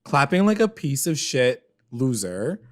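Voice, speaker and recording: A man co-hosting a podcast, chatting casually and laughing often while he recaps a reality show with quick, dramatic retellings. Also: mid-range voice, sing-song, crowd noise. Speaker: podcast co-host.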